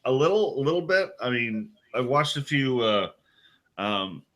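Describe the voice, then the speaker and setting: A man's voice: mid-range voice, big pitch swings, measured pace, a bit bright. An American man in casual chat, rambling with many stammered restarts. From United States.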